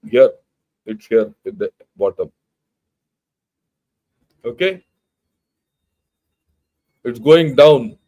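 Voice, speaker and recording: Extremely slow and pausing often, an older man with an Indian accent speaks in an expressive, mellow mid-range voice. He's a retired general and channel host whose informal talk, including news he reads aloud, comes across as blunt, emphatic and conversational, with many restarts.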